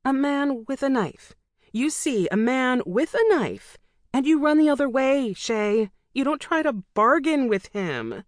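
A woman voicing a blunt, fiercely loyal young woman friend in an audiobook, in a sharp, teasing and scolding manner. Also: high voice, expressive, takes it slowly, no room sound, studio quality, pitched above the performer's own voice. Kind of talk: audiobook dialogue.

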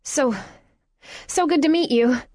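A woman voicing a clumsy, eager young American woman who gushes breathlessly in a much higher voice. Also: slow, warm tone, dry recording, clean studio sound. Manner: breathless, gushing.

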